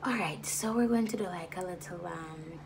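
A woman's voice: fairly low pitch, moderate pace, background noise. A woman chatting casually and candidly to camera, joking and slipping into creole. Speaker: vlogger. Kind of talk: casual vlog chat.

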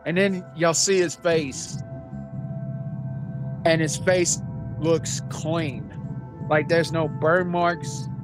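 A man's voice: on the high side, steady tone, drawn-out words, long pauses, music in the background. A man narrating as game master, cursing freely and acting out what the characters do. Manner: profane, laughing, acting out characters.

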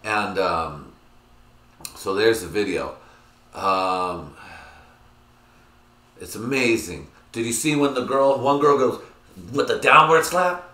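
A man hosting his own podcast, talking in a crude, rambling, excitable way with lots of filler. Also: on the low side, takes it slowly, long pauses. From United States. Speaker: podcast host. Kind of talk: casual solo podcast rant. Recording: echoey room.

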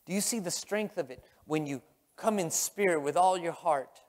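A man preaching as pastor, impassioned and emotional, with a Texan accent, his voice dropping to a hush and then rising. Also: fairly high pitch, normal speed. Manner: impassioned, swinging from hushed to loud. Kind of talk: emotional sermon. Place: large church sanctuary. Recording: long hall reverb.

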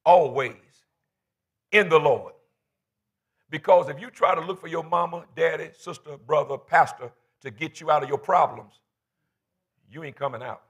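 A man's voice: on the high side, fairly even intonation, normal speed, husky. A man in his fifties preaching a fervent, folksy sermon in church, calling for responses from the congregation. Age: 50s. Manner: colloquial, folksy phrasing. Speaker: pastor.

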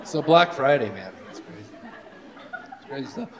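A man's voice: medium pitch, moderate pace. A man doing self-deprecating stand-up comedy on a live stage, talking to the audience. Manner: animated, self-deprecating, lots of asides. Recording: live show with loud crowd. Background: audience laughing.

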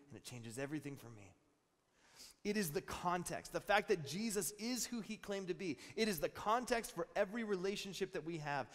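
A pastor in his thirties preaching a sermon, telling stories with animated, repeated phrases. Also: fairly high pitch. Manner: animated storytelling with repeated words. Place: large church hall. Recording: long reverb in a church hall.

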